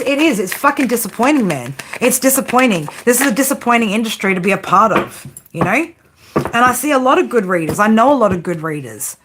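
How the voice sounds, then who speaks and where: A woman giving a tarot reading, blunt and profane, often tagging her points with a quick "right?". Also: medium pitch, background noise. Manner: frank tough-love delivery. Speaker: tarot reader.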